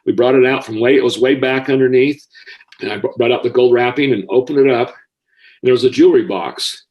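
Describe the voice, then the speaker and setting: A man's voice: mid-range voice, a little fast, highs cut off. An older American man, a former school counselor, telling a personal story in a heartfelt way and getting emotional easily.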